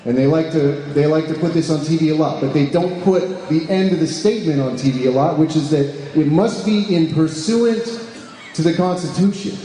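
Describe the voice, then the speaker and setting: Speaking a little high at a normal speed, this man has a warm tone as he addresses a live audience in his role as deputy director of an advocacy group. His speech is full of fillers and restarts, and he often puts questions to the room. The large, echoey hall adds roomy reverb, with faint background noise underneath.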